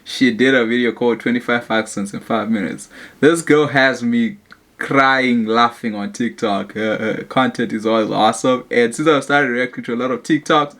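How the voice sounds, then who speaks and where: A laid-back man hosts a reaction video and chats loosely with his viewers. He laughs easily, and his voice sits at an ordinary middle pitch. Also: normal speed, a bit bright. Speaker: reaction channel host. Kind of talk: casual reaction chat.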